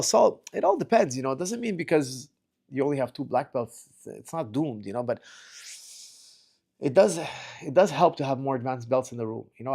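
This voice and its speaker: A middle-aged male martial arts coach with a gravelly, slightly fried voice, talking loosely during a livestream Q&A. He reads viewers' questions aloud, then answers in a rambling way, repeating and restarting his words as he goes. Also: mid-range voice, darkish tone. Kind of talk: casual livestream Q&A.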